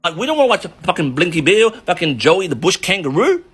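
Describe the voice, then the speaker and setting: A man's voice: sits high, very animated, fairly quick, fairly bright tone, slightly rough, heavily acted. A man playing a rude, aggressive young male cinema-goer who swears and brushes people off. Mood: belligerent. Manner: swearing, dismissive, belligerent.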